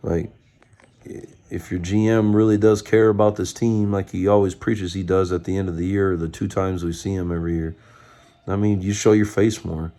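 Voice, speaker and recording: A man's voice: sits low, little pitch movement, moderate pace, dark tone. A man giving a profane, fired-up rant as a sports fan, mocking others with put-on quotes. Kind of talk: ranting fan commentary.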